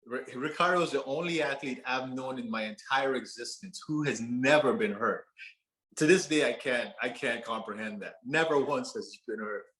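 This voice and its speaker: A man's voice: medium pitch, normal speed, fairly bright tone. A man giving a personal storytelling talk from a stage, earnest and conversational, laughing now and then. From Canada. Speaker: speaker. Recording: roomy auditorium echo.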